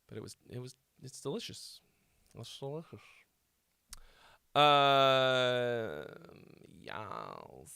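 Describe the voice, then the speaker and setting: A man's voice: medium pitch, pushed and bright, clean tone, dry recording, clean studio sound. A young man hosting a casual livestream, telling rambling stories full of swearing. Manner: laid-back storytelling, heavy swearing. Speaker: host.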